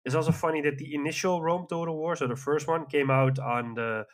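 A man's voice: fairly high pitch, steady tone, brisk. A man in casual chat as a podcast co-host, talking in a rambling, enthusiastic way with frequent fillers.

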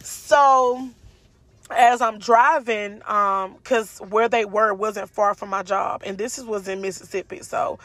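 A woman, telling a personal story casually to her viewers in an animated way. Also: no room sound. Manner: animated, acts out quotes with jumps in pitch, speaks fast and slow by turns.

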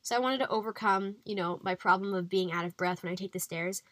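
A woman's voice: medium pitch, fast, fairly bright tone, no room sound. A young adult woman hosting a podcast, chatty and encouraging, with frequent fillers. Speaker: podcast host. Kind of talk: faith-based health podcast monologue.

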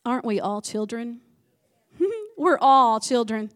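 A woman pastor preaching a sermon in a church, chatty and animated, speaking straight to the congregation. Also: fairly high pitch, slow pace, long pauses.

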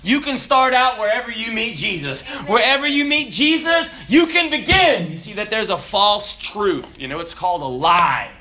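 Man, pastor, lively sermon, high-pitched, bright tone, acted-out voices. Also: normal speed, hardly any pauses. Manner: animated preaching with acted-out voices and sudden shouts.

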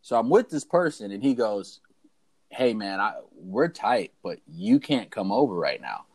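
A man's voice: on the low side, unhurried, husky. A young man, co-host of a podcast, telling a story in casual chat and acting out the people in it. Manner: animated storyteller who acts out the voices of people in his story.

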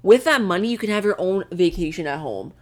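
A woman's voice: on the low side, lively intonation, brisk, darkish tone. A young woman co-hosting a podcast, chatting casually with lots of "like" and frequent laughter. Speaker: podcast co-host. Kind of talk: casual chat.

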